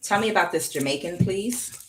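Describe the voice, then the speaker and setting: A woman's voice: lowish voice, lively intonation, a little fast, heavy background noise. A woman doing a casual tarot reading to camera, chatty and punctuating her points with "okay". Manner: chatty, frequent "okay" checks, laughs at herself. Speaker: tarot reader.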